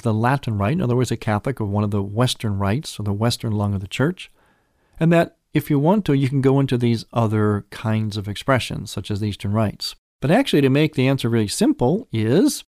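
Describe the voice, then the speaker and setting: A male priest hosts a program and walks listeners through common questions in a calm teaching manner. His voice sits at an ordinary pitch, and the recording is close and dry with no room sound. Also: no room sound. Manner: explanatory, measured, patient. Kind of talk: teaching talk on a religious program.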